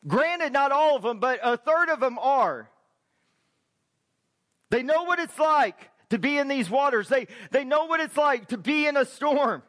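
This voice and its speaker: A man with a very high speaking voice preaches a sermon in a church. He is emphatic and keeps throwing rhetorical questions at the congregation as he leads them through scripture. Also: expressive, a little slow, a bit bright. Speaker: pastor.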